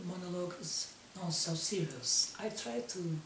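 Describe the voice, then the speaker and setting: A Russian woman in her fifties speaks slowly in a low voice, with a strong Russian accent and halting English. She sits back from the microphone in an echoey room, with a faint hiss underneath. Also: expressive, far from the mic. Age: 50s. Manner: halting non-native English, slow, many restarts. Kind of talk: personal monologue to camera.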